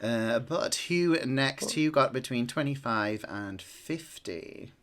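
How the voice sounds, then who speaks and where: A man runs a tabletop game, narrating at an easy, unhurried pace and filling the gaps with ums and small restarts. His voice sits at an ordinary middle pitch. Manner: relaxed, with many ums and restarts. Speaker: game master.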